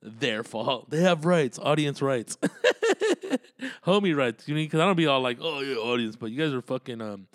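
The recording is studio quality with no room sound, carrying a man's medium-pitched voice. He's a comedian on his own podcast, riffing in a rambling monologue laced with swearing and street slang.

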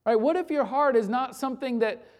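Man, pastor, sermon, emphatic, rhetorical questions, repeated phrases, loud and hushed in turns. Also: brisk. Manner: swings from loud urgent peaks to low quiet lines.

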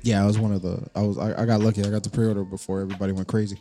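A man's voice: on the low side, little pitch movement, rapid-fire, mellow, faint music behind. A man co-hosting a podcast, joking around in profane casual banter and often restarting his sentences. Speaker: podcast co-host.

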